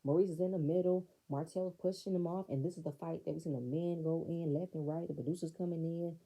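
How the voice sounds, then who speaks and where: A woman's voice: low-pitched, fairly even intonation, quick pace, dark tone, low-quality recording. A woman recapping a reality show in blunt, sassy, profane commentary. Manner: blunt, sassy, profane, talks back to the screen.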